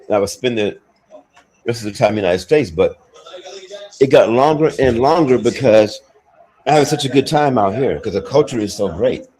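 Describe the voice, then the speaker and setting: Profane rambling man with a lively pitch. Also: fairly quick, long pauses, low-quality recording. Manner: blunt, profane, rambling with many restarts. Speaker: expat talking on a livestream call. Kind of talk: casual chat. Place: abroad, with faint outdoor sounds behind.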